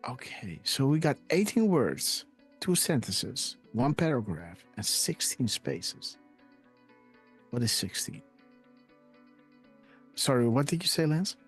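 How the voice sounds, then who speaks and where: A man hosting a live online show in a casual, excitable way, often laughing and checking in with his listeners. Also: medium pitch, slow pace, pauses often, slightly rough, soft background music. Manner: excitable, repeats "guys" and "right?", laughs often. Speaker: livestream host.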